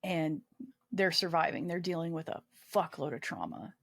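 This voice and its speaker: A woman's voice: sits low, animated, normal speed, creaky, dry recording, studio quality. A woman guest recounting a personal story in a casual interview, acting out the quoted dialogue and swearing freely. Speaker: guest, army veteran.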